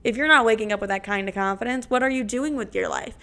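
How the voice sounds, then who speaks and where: A woman's voice: a little high, quick pace, pushed and bright. A young woman hosting a podcast, talking in a brash, profane, dramatic way. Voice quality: creaky. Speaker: podcast host. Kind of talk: casual podcast monologue.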